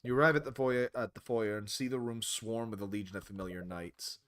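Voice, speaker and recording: A man's voice: lowish voice, brisk, hardly any pauses, a little hiss or hum. A man playing a visual novel, reading the story aloud, voicing its characters and chatting about it between lines. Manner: animated, switches between character voices. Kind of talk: reading a game aloud with commentary.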